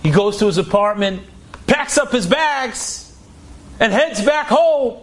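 A man's voice: high voice, lively intonation, slow pace. A man telling an inspirational story dramatically, acting out the dialogue and repeating phrases for effect.

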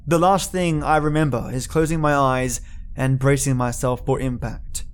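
A man narrating a first-person story for a podcast in a steady, deliberate reading voice. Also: medium pitch, smooth.

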